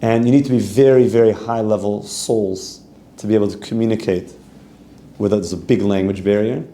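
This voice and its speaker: A man teaches a Torah class in an earnest, chatty way, reading Hebrew lines and explaining them. His voice is dark and mellow. The sound is roomy and echoey, with a faint hum behind it. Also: on the low side, fairly even intonation, moderate pace. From Canada. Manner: earnest, conversational, reads Hebrew text and translates it.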